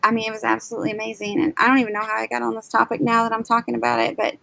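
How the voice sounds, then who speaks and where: A woman's voice: fairly high pitch, monotone, very fast, creaky, bright, forceful tone, poor audio. A woman, telling a personal story in casual chat and acting out quotes. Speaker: live show co-host.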